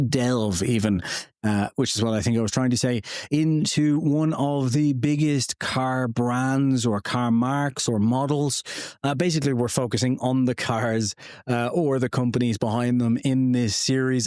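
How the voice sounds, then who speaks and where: A man's voice: medium pitch, a little mellow, no echo. Guy rambling through a car history podcast, dry close sound, joking at himself, lots of ums. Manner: rambling and self-deprecating, many fillers. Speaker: podcast host. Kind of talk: casual solo history podcast. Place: small home studio.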